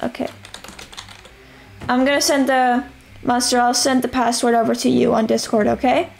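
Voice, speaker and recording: A young woman streaming a survival game, her voice going hoarse as she rambles and narrates her moves with casual swearing. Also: a little high, flat delivery, normal speed, slight background noise. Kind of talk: casual live-stream chatter.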